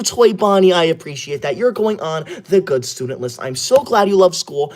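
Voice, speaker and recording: A man playing a prickly young male livestreamer, forever offended and scolding his chat in a hushed, held-back voice. His pitch bounces all over, rising and dipping with every indignant turn. It plays as a comedy skit of a live stream. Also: close to an everyday voice. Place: indoor room upstairs, away from home.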